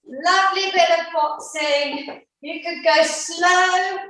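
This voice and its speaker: A woman's voice: very high-pitched, fairly even intonation, slow, fairly bright tone. A woman fitness instructor leading an online workout class, upbeat and encouraging, counting down the reps. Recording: very echoey room, mic far off.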